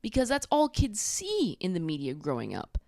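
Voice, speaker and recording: A woman's voice: medium pitch, normal speed, dry recording, clean studio sound. Sassy woman recapping reality TV. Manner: sassy, blunt, profane, animated storytelling. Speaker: YouTube recap host.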